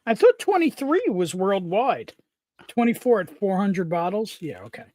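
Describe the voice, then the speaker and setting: A man's voice: high voice, sing-song, moderate pace, darkish tone. A man chatting as a guest on a live stream over a video call, matter-of-fact and asking questions. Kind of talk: casual chat over whiskey tasting.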